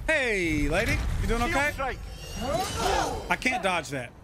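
A man playing a video game, cursing and yelling at the screen in frustrated live commentary. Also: high-pitched, very animated, measured pace, heavy background noise. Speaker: gaming channel host. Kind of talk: profane live gameplay commentary. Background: loud game soundtrack.

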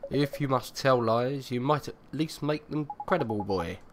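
A man's voice: mid-range voice, normal speed, noisy background, natural voice. A man doing a pompous, scornful older male emperor voice while reading game dialogue aloud. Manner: mocking, pompous laugh and formal speech. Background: game music.

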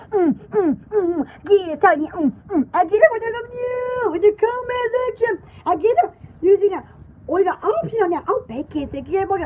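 A woman speaks in a very high pitch, with the top frequencies cut off. She voices a pampered, chattering female poodle hosting a spoof home-shopping show, squealing and rambling in a comic pet voice-over and getting excited easily.

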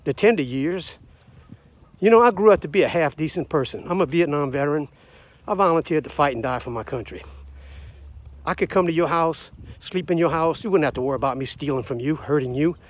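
A man's voice: a little high, brisk. A man in his sixties or seventies from the United States, delivering a blunt, combative, preachy rant straight to camera. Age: 60s to 70s. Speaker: vlogger. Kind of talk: ranting monologue to camera.

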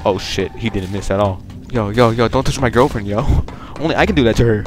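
A young man giving casual, profane, joking commentary while playing a game online, rambling and bursting into loud excitement. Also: lowish voice, brisk, hardly any pauses. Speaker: gaming video creator.

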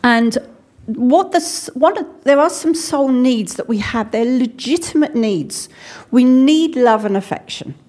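A woman's voice: sits high, animated, measured pace, a little mellow. An English woman preaching a sermon in a church, talking conversationally with personal stories and frequent restarts. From England.

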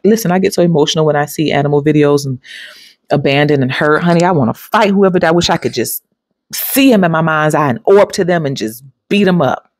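This woman speaks low and quickly, recorded dry, as she hosts a spiritual self-help channel. Her motivational talk is emphatic and preachy, aimed straight at viewers, and she laughs readily between points.

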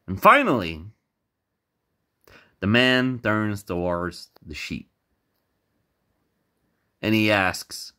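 A man telling a funny tale in a slow, rambling way, cursing freely and stumbling over repeated words. His low, bright voice swings up and down with feeling. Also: big pitch swings. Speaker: storyteller. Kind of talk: casual comic storytelling.

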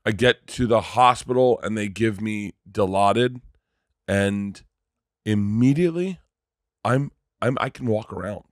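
Low-voiced man telling a wild story. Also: dry recording, clean studio sound. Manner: animated, halting storytelling with restarts and swearing. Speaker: guest comedian. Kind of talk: casual podcast storytelling.

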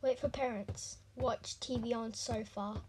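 A young woman casually reacting out loud to a horror game, jumpy and squealing when startled, muttering asides in between. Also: fairly high pitch, steady tone, measured pace. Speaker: gaming channel host. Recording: noisy home recording.

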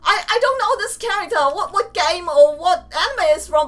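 A woman playing a video game and commenting excitedly, laughing and shouting often. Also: high-pitched, normal speed, hardly any pauses. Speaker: gamer. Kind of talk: let's play commentary. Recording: distant mic with game music. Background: game music.

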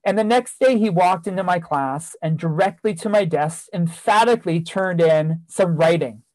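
A keynote speaker who once taught relates a story from those years with sincerity, using repetition for emphasis. His high, a little mellow voice moves at normal speed, with no room sound in a low-quality recording.

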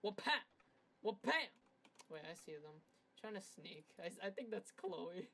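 A young woman giving casual gameplay commentary, swearing and trash-talking rivals crude and loud, with bursts of laughter. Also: lowish voice, normal speed, breathy edge. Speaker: gaming commentator.

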